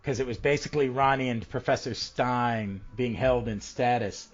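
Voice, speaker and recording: Male podcast host, casual rambling recap, mid pitch, muffled lo-fi audio. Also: normal speed. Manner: rambling recap with frequent ums and restarts. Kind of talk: casual comic book podcast chat. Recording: dull lo-fi audio.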